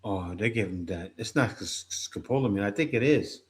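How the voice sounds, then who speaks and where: A man's voice: fairly low pitch, lively intonation, fairly quick. A man hosting a casual chat who reacts to a guest's story and offers blunt opinions.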